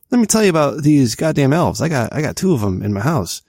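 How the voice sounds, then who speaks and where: A man's voice: medium pitch, big pitch swings, quick pace, a little mellow, no echo. A man in his thirties co-hosting a podcast, telling a long exasperated story in casual chat. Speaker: podcast co-host.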